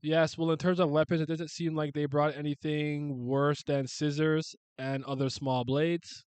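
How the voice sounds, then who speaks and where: A man voicing a calm, unflappable adult male manga artist, reading the manga's lines aloud in a matter-of-fact way. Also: fairly high pitch, unhurried, smooth, no echo, lightly acted. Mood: composed. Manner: cool, matter-of-fact, composed.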